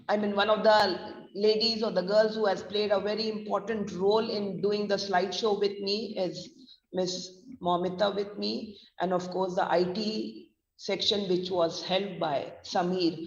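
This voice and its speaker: A woman trainer closes her lesson in an earnest, formal way, her voice slow and gravelly. She sits well back from the mic in a roomy, echoing space. The recording sounds dull and lo-fi. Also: medium pitch. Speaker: pronunciation trainer. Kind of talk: closing remarks of a lesson. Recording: echoey room, far from mic, dull lo-fi sound.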